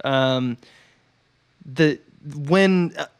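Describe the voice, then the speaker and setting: Male podcast co-host, clear resonant voice, easygoing recap delivery. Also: fairly high pitch, extremely slow. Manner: relaxed recapping with frequent fillers. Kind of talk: casual film discussion.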